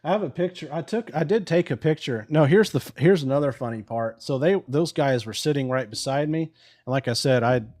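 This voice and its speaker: Relaxed male live-stream host, medium voice, chatty storyteller who cusses easily. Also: mid-range voice, brisk. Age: adult with a wife. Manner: laid-back, swears casually, laughs while telling. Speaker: livestream host. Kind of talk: casual storytelling. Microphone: live stream microphone.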